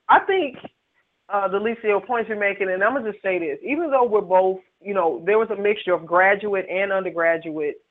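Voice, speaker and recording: Host on a tinny phone line. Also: female voice, fairly low pitch. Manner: rambling, many fillers and restarts. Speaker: panel host. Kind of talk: radio panel discussion over a phone call. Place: on a phone call.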